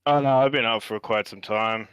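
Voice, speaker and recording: An Australian man, a guest on a stream, chatting in a relaxed, rambling way on a voice call. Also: lowish voice, normal speed, smooth, no room sound. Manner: relaxed, rambling, hesitant with many fillers. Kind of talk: casual gaming chat. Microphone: voice chat call.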